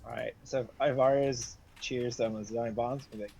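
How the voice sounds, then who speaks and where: A player in an online tabletop game who talks in a halting, stammering way. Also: medium pitch, steady tone, gravelly, highs cut off, background noise. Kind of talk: casual chat in a tabletop game.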